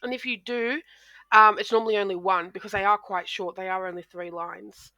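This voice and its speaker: A woman's voice: mid-range voice, fairly even intonation, fairly quick, pushed and bright, no room sound. A woman teacher explaining poetry in a recorded lesson, talking into a close microphone with frequent ums and restarts.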